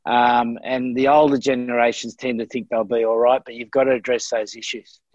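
An older Australian man hosting a podcast, speaking thoughtfully with many pauses and fillers. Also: medium pitch, flat delivery, a little mellow, no echo, dull audio. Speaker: podcast host, coach. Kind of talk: reflective conversation. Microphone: remote call.

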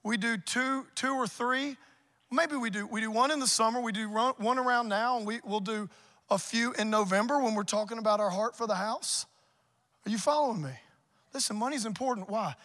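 A man preaching a sermon as pastor, building to loud emphatic points. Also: high voice, moderate pace. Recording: reverberant church hall.

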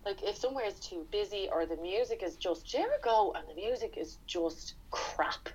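A woman's voice: mid-range voice, sing-song, a little fast, a little mellow, breathy edge. A woman, co-hosting a podcast in frank, casual chat, laughing often. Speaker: podcast co-host. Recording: dull lo-fi podcast recording.

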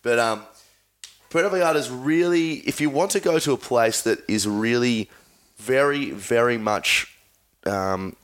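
An Australian man co-hosting a podcast in casual chat, enthusiastic and quick to agree. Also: on the low side, fairly bright tone. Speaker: podcast co-host.

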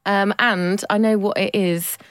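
A woman's voice: medium pitch, steady tone, a little slow, very noisy. A young woman co-hosting a podcast, teasing playfully and giggling as she chats. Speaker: podcast co-host. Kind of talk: casual chat.

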